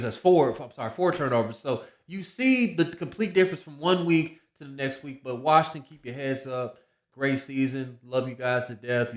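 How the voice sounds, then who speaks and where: A man's voice: medium pitch, reverberant. A man hosting a solo sports podcast, talking casually, often repeating himself and restarting his sentences. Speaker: podcast host.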